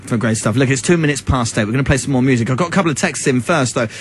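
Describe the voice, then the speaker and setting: A man's voice: mid-range voice, slight background noise. A man hosting a radio show from a studio, bantering and joking with his guest and reading listener texts. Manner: jokey, quick banter. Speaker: radio host.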